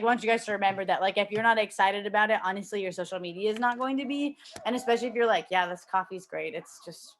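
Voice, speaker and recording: A young woman talking casually from home as she coaches her sales team, filling her speech with "like" and acting out quoted lines. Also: medium pitch. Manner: chatty, lots of "like", animated quoted voices. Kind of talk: casual motivational talk. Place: at home with a child nearby.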